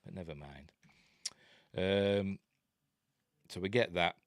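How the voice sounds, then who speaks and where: A man's voice: low voice, slow, dry recording. A man with a Yorkshire accent, reviewing a horror film in a rambling, jokey way, full of ums and uhs. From Yorkshire, England. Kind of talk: casual film commentary.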